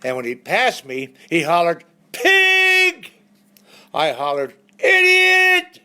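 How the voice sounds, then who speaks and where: A man's voice: fairly high pitch, moderate pace. A man, telling folksy jokes and stories between songs on a live stream. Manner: folksy storyteller, lively punchlines. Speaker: entertainer.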